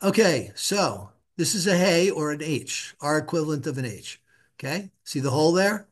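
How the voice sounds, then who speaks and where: A man's voice: on the high side, lively intonation. Patient man teaching Hebrew reading. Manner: patient, repeats syllables slowly for the student to echo. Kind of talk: casual one-on-one reading lesson.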